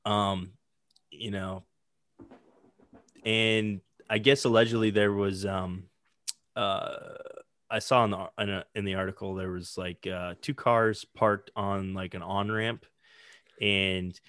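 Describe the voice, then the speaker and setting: A man with a lowish voice, recorded close and dry. He rambles in casual podcast talk, stopping often for "um" and "like" as he explains things. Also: flat delivery, slow, long pauses, a bit bright, dry recording. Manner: rambling, hesitant, many fillers. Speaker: podcast co-host. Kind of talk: casual sports chat.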